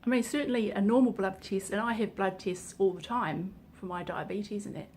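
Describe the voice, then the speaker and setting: A woman's voice: medium pitch, steady tone, moderate pace, a little mellow, a little hiss or hum. A woman talking to camera in a personal vlog, earnest and emotional, her voice sometimes dropping to a near-whisper. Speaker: vlogger. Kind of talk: casual personal vlog talk.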